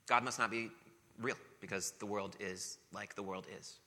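Low-voiced, sharp-toned male preacher. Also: steady tone, moderate pace. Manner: earnest, rhetorical questions, repetition for emphasis. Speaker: pastor. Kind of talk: sermon. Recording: long reverb of a large hall.

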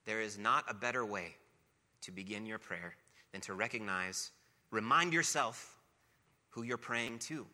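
A man's voice: fairly low pitch, a little slow, long pauses, sharp tone. A man preaching a sermon, talking casually between passages of scripture that he reads aloud with emphasis. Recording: long reverb of a large hall.

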